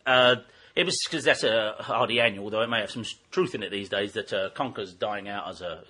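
A man from England tells story after story in a quick, animated patter full of fillers and restarts. His voice is bright and slightly husky, and he rattles along at speed. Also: lowish voice. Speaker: broadcaster telling anecdotes. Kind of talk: casual storytelling chat.

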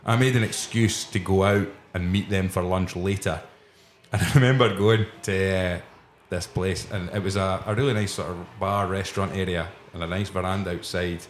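A Scottish man with a fairly low voice tells a casual story, laughing as he goes. He hosts a podcast, recorded in a roomy back room of a pub with faint chatter behind him. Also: fairly even intonation, moderate pace, slight background noise. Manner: laughs often while telling stories. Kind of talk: casual anecdote telling.

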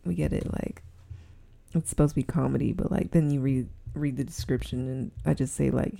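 A young woman hosting her own podcast, rambling in a casual solo chat and breaking often into loud giggly laughter. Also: very deep voice, steady tone, brisk, creaky. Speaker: podcast host.

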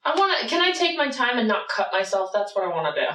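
Woman player, mid-pitch, distant mic, noisy room. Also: sing-song, quick pace, roomy sound. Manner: hesitant, restarts, casual. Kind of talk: tabletop role-play chat.

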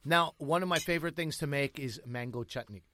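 A man's voice: on the high side, bright, forceful tone. A man in his thirties co-hosting a podcast, chatting casually and telling stories with jokey asides. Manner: storytelling, jokey, quick asides. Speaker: podcast co-host. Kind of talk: casual chat.

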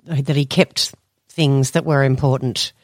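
A woman's voice: very deep voice, steady tone, a little slow, dry recording, studio quality. A woman hosting a podcast, giving short encouraging replies and asking curious follow-up questions. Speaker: podcast host. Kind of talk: casual interview.

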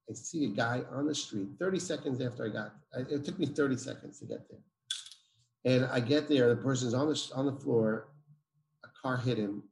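A man's voice: mid-range voice, gravelly, a little mellow, a little hiss or hum. A man, a guest telling a personal story emphatically and acting out the dialogue. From Israel. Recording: roomy echo.

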